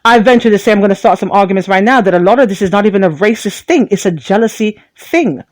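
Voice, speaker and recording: A woman radio host speaking in a fervent, outspoken monologue. She presses her points with repeated rhetorical questions and swears freely. Her pitch sits in an ordinary middle range. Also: fast talker, no room sound. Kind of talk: impassioned talk radio monologue.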